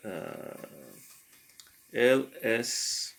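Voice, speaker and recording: A man talking through a language lesson in a casual, halting way, pausing often to think aloud with fillers. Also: mid-range voice, huge pitch swings, creaky, a bit bright. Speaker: language learner and tutor.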